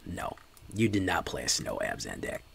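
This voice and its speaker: Low gravelly male streamer. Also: big pitch swings, normal speed, fairly bright tone, a little hiss or hum. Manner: chatty, joking asides to chat. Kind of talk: casual game commentary.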